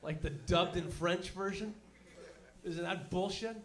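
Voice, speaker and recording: A young man doing a stand-up comedy set, telling profane, animated stories and slipping into mock voices. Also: high voice, a little slow. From Canada.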